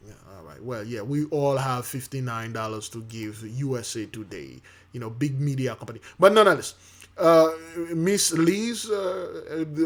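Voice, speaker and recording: A man giving casual spoken commentary with a preachy edge, halting often with fillers and restarts while reading news aloud. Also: on the high side. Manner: preachy, addresses listeners as beloved.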